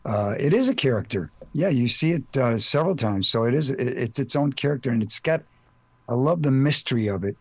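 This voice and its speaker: An older man with a Chicago accent, an actor guest, speaking haltingly in an interview and pausing with many uh sounds as he searches for words. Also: mid-range voice, animated, slightly rough, no echo. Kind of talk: casual interview chat.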